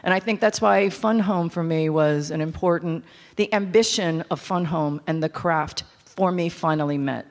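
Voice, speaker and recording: Animated, self-mocking woman in her fifties. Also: lowish voice, normal speed. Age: 50s. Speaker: composer teaching a master class. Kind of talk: lecture to a live audience. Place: large hall with audience. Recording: echoey hall with instrument.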